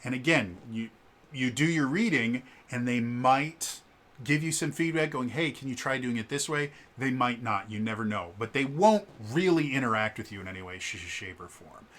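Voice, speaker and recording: Bright-voiced man telling a story. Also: normal speed. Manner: animated, acts out quoted lines with shifts in pitch; frequent fillers and stammered restarts. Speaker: vlogger. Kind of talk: casual storytelling vlog.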